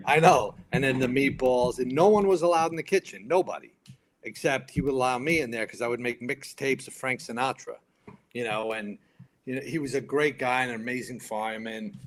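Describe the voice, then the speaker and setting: A man's voice: medium pitch, brisk. A man in his fifties, a retired firefighter turned actor, telling stories as a podcast guest and acting out what people said. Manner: animated storyteller acting out others' lines. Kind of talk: casual storytelling.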